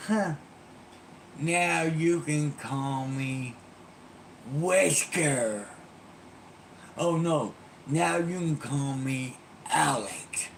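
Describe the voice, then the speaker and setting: A man's voice: fairly high pitch, extremely slow, vocal fry, long pauses, slight background noise, pitched above the performer's own voice, full character voice. A man voicing a sly villainous woman trapped in a little girl's body, taunting smugly.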